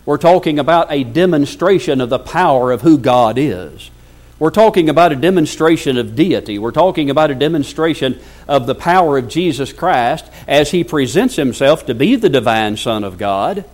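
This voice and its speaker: A man's voice: on the high side, a little mellow. A male preacher giving a sermon, reading scripture aloud and asking the congregation rhetorical questions. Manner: reads scripture aloud at length.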